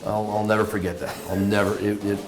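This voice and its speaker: A middle-aged Canadian man telling stories in a casual interview at a café table, animated and repeating words as he goes. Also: fairly low pitch, fast talker. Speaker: guest, business owner. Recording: echoey room with steady background noise.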